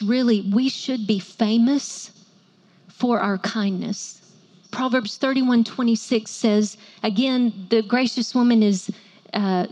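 A woman's voice: a little high, a little mellow. A woman, preaching to women with playful asides and call-and-response. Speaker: women's ministry speaker. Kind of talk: sermon to a women's audience.

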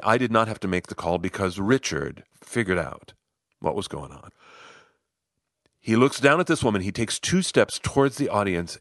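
A middle-aged man telling a personal story in an animated way, acting out the lines of other people. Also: fairly low pitch, no room sound, clean studio sound. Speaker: host, storyteller. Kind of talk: personal story told to listeners.

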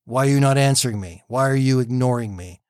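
A man's voice: medium pitch, fast, smooth, no room sound, natural voice. A desperate shipwrecked preacher, as a male storyteller puts him on, calls out in a raised, strained voice. His pleas climb and crack with anguish. The sound is close and dry. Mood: pleading. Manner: pleading, rising and anguished.

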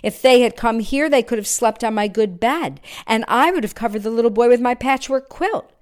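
A woman voicing a kindly, wistful old male shoemaker who sighs and exclaims gently. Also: on the high side, moderate pace, voice pushed up, close to an everyday voice. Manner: fond, sighing, gently exclaiming.

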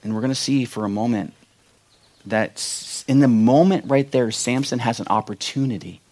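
A man preaching a sermon, retelling a Bible story with acted-out quotes and loud, emphatic peaks. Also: medium pitch, moderate pace. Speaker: pastor.

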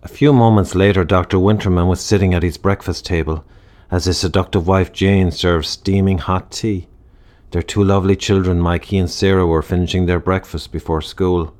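A man narrating a dark comic story in a wry, measured storybook style. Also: sits low, steady tone.

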